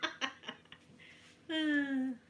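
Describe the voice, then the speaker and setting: A Glaswegian woman in her fifties, chatting softly in an ASMR video while ironing, telling lively stories and answering viewers in broad Scots. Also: high-pitched, very slow, a little hiss or hum. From Scotland. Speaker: ASMR creator. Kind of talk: soft-spoken ASMR chat while ironing.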